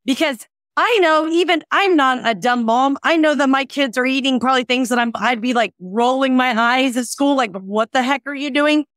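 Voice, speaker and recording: High-voiced woman acting out stories. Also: normal speed, dry recording, clean studio sound. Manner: animated storyteller who acts out quoted dialogue. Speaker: fitness and nutrition expert guest. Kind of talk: casual podcast chat.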